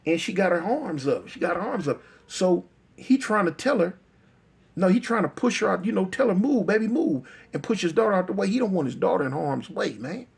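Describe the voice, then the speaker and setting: A man's voice: high voice, expressive, brisk, creaky, breathy edge. A man telling a street story aloud in a casual, repetitive, emphatic way.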